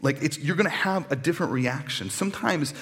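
A man's voice: a little high, brisk, fairly bright tone. A man in his thirties preaching a sermon in an earnest, conversational way that swells with feeling. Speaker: pastor. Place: church sanctuary. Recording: long church reverb.

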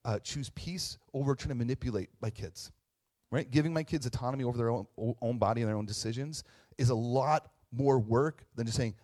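Brisk and darkish in tone, this medium-pitched male voice belongs to a pastor in his thirties. His sermon is casual and conversational, chatty with tag questions and restarts, and he often makes himself the butt of his jokes.

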